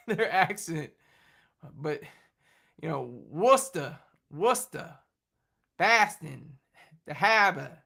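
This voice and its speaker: A man with a high, bright voice rambles through a casual live stream from home. He laughs often and trips over his words, restarting sentences as he goes, with a light, tense edge to his tone. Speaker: livestream host.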